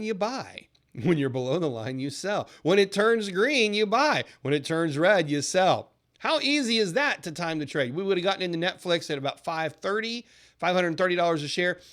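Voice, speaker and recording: An upbeat man with a slightly high voice, hosting a trading channel. He talks viewers through a recorded lesson in a persuasive, salesy way. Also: a bit bright. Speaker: trading educator and channel host. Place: lives in a southern US city.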